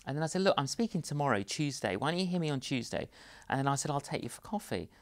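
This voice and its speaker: A man's voice: a little high, fast talker. A middle-aged man from London, an evangelist guest telling anecdotes in an interview and acting out both sides of the conversations. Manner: animated storyteller, acts out both sides of conversations.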